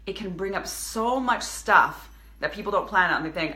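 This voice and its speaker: A woman's voice: medium pitch, expressive, normal speed, bright, forceful tone, reverberant. A woman in her thirties, a business coach speaking earnestly to her viewers in a live video, with many restarts. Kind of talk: casual motivational live video.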